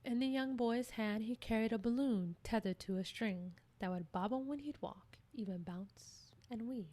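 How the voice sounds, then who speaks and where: A woman's voice: a little high, normal speed, dark tone. Woman reading a storybook aloud.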